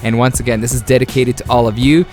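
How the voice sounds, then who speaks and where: A man narrates his own game highlights with excitable energy, laughing often and tossing out playful trash talk. His voice sits in an ordinary middle pitch. Soft music plays faintly beneath him. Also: fast talker. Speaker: gaming YouTuber. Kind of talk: video game highlight commentary.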